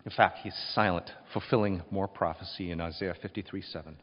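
A man preaching a sermon, telling the scene with emphatic, expressive storytelling. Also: low-pitched, fairly quick, slight background noise. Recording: dull recording with long reverb.

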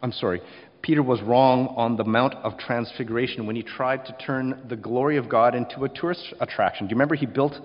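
A man preaching a sermon, rising to loud emphasis and then dropping quiet, often acting out short quotes. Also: medium pitch, steady tone, fairly quick, long reverb tail, highs cut off. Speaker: pastor.

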